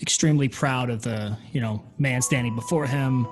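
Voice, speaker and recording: A man's voice: mid-range voice, normal speed, soft background music, close to an everyday voice. A man voicing a frail mute old man. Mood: wistful. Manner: written notes read aloud plainly.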